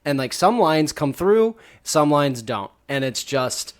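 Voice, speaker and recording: A man's voice: fairly high pitch, big pitch swings, slow pace. A man co-hosting a podcast, giving rambling, hedging explanations in casual chat. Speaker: podcast co-host.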